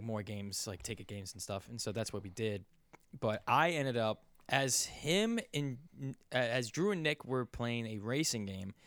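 A man's voice: clear, resonant tone, no echo. Rambling, swearing young man telling a story. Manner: rambling, profane, gets loud and high when riled. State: sore. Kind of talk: casual storytelling chat.

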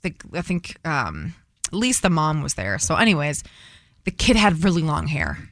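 A woman's voice: deep voice, huge pitch swings, moderate pace, dry recording, studio quality. A woman hosting a radio show, chatting and laughing as she tells stories and takes callers. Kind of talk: casual radio chat with callers.

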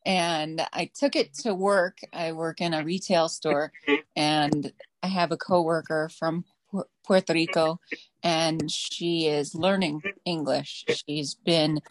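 A woman with a low voice tells her class a personal story in a chatty, eager way. Her voice is recorded dry and close. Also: dry recording. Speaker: student. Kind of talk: casual class sharing.

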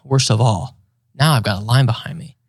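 A man's voice: mid-range voice, fairly quick, slightly rough, dry recording, studio quality. A man in casual chat, telling a funny story and acting out the voices of the people in it. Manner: animated, acts out voices of others in his stories.

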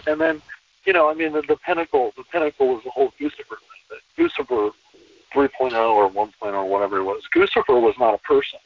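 A man talking as a podcast guest in a relaxed conversational interview, emphatic and repeating phrases to drive points home. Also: mid-range voice, a little fast, dry recording. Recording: distant, tinny phone-line sound.

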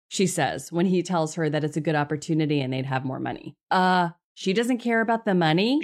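Low-pitched female host, sarcastic and exasperated, casual podcast chat. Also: expressive, a little fast, few pauses. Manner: sarcastic, exasperated, jumps into high mock outrage.

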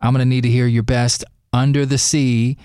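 A man's voice: mid-range voice, level tone, moderate pace, warm tone, smooth, dry recording, clean studio sound. A man in his thirties co-hosting a radio show, teasing and cracking puns. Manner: joking, teasing, punny. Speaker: radio co-host. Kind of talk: casual radio banter.

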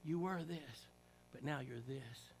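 A man preaching a sermon in a church, rising to loud emphatic calls and dropping to quiet, hushed prayer. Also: mid-range voice, slow, a little hiss or hum. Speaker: pastor. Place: church sanctuary.

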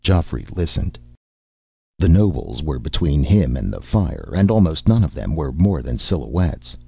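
A man reading a story aloud in measured, expressive narration, in a dull lo-fi recording. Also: extremely low pitch, creaky, husky, dry recording. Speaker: audiobook narrator. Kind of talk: scripted narration.

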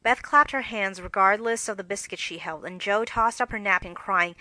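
Bright-voiced woman reading a novel. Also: mid-range voice, no echo, low-quality recording. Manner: expressive, measured storytelling. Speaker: audiobook reader. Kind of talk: audiobook narration.

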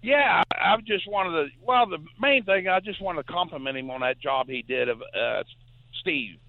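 A man calling in to a radio show, talking loudly in an animated, singsong way. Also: sits high, moderate pace, creaky, dry recording. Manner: loud, animated, singsong delivery. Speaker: caller. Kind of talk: call-in radio chat. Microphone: phone. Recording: tinny phone line.

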